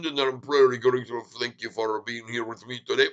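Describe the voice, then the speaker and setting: A man's voice: medium pitch, steady tone, brisk, few pauses, a bit bright, smooth, muffled recording. A man hosting a long stock market livestream, chatting casually and rambling as he thanks viewers by name. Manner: tries broken French and Spanish.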